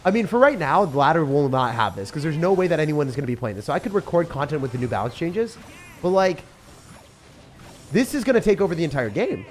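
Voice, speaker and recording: Excitable young man commentating gameplay. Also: a little high, fast, a little hiss or hum. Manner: excitable, sarcastic, mocking complaints. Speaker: game streamer. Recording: faint music behind.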